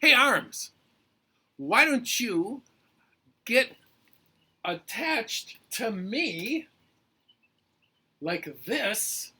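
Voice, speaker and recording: A man's voice: extremely high pitch, big pitch swings, extremely slow, long pauses, bright, forceful tone, slightly rough, voice pushed up, exaggerated voice. Man voicing a hungry, scheming rolling Head. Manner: chatty, thinking aloud.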